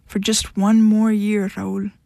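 A woman reading the part of a firm, weary adult woman who speaks flatly and with warning. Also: mid-range voice, slow pace, gravelly, dry recording, clean studio sound.

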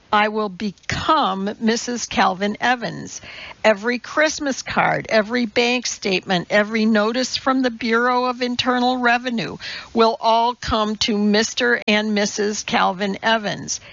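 A principled woman scientist speaks slowly and firmly, placing each word with care, voiced by a woman reading the story aloud. Her voice has a gravelly edge, and the audio sounds dull and lo-fi. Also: mid-range voice, fairly bright tone, no echo. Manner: measured, deliberate and firm.

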